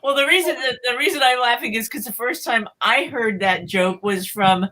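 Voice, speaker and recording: A woman's voice: a little high, normal speed, pushed and bright. A woman joining a live-stream chat as a guest, laughing as she tells a story.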